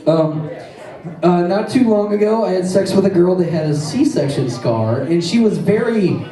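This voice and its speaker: High, lively stand-up comic in an echoey room. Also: male voice, a little slow. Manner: crude, rambling jokes with self-deprecating asides. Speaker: stand-up comedian. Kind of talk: stand-up comedy set. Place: comedy stage before a live audience. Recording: echoey room, mic at a distance.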